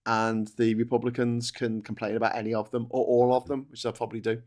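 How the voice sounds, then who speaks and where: A man co-hosting a news talk stream over a video call, joking and chatty with quick asides. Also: mid-range voice, little pitch movement, a little mellow. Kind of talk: casual live-stream chat.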